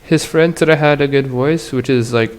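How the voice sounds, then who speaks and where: A man's voice: medium pitch, moderate pace. A man hosting his own podcast, talking alone in a rambling, crude, slangy way with frequent laughs. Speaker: podcast host. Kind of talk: casual solo podcast monologue.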